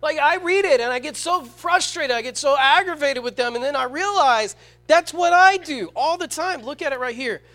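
A man preaching a sermon to a congregation, asking the crowd rhetorical questions and swinging between loud emphatic stresses and quiet, slow scripture reading. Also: extremely high pitch, lively intonation.

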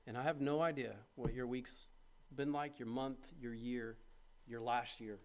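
The sermon comes from a man with a steady, mid-range voice who takes his time. Quiet reflection gives way to loud, heartfelt appeals as he poses questions straight to the congregation.

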